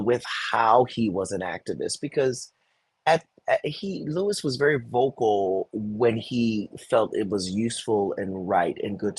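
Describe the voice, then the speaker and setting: A man, a Broadway performer, telling animated stories in an interview, with many restarts. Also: mid-range voice, slightly rough. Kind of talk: conversational interview.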